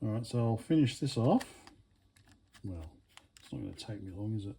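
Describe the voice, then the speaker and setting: A man giving a casual hands-on teardown commentary, thinking aloud in a hesitant, low-key way with many fillers and restarts while he works. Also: lively intonation, normal speed, vocal fry, dark tone, slight background noise. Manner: low-key, mutters asides while working with his hands. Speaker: electronics hobbyist vlogger.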